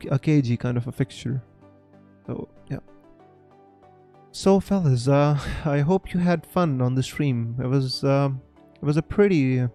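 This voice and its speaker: A young Indian man with an Indian English accent, chatting casually on a live stream, halting with many fillers as he answers viewers. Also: medium pitch, mellow. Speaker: fantasy football streamer.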